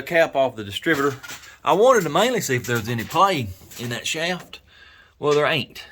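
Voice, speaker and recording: A man with a Southern American accent talking casually in a garage workshop, rambling and folksy, thinking out loud with lots of fillers. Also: mid-range voice. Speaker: garage YouTuber and mechanic. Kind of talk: casual workshop vlog talk.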